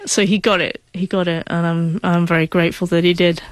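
A woman's voice: fairly low pitch, flat delivery, fairly quick, no echo. Woman with a stutter, dry close sound. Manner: emotional, heartfelt storytelling. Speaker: guest. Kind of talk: personal storytelling interview.

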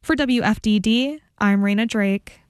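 A woman radio producer narrating a news feature and talking in the studio in a clear, measured way. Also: medium pitch, dry recording. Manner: clear, measured reporter delivery. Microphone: studio microphone.

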